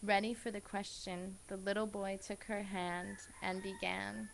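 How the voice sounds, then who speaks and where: Slow, gravelly-voiced woman reading a storybook. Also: mid-range voice, flat delivery. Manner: gentle, sing-song rhyming delivery. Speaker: parent reading a picture book aloud. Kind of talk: storybook read-aloud. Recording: faint hiss behind the voice.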